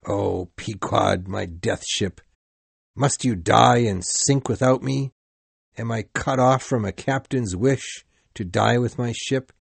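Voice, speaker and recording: A man voicing an obsessed old whaling captain who shouts wildly and then vows grim revenge. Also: lowish voice, takes it slowly, vocal fry, husky, dry recording, heavily acted. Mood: bitter. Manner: raging shouts turning to grim, bitter vows.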